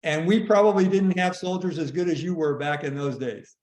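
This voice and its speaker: A man in his sixties, a retired army general, telling anecdotes in a casual online conversation, with halting restarts. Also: on the high side, a little mellow, echoey room. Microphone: video call.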